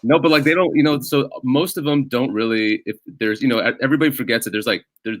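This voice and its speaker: An American comedian guesting on a podcast, speaking fast in a medium-pitched voice. His casual chat wanders through jokey stories, and he keeps restarting his sentences.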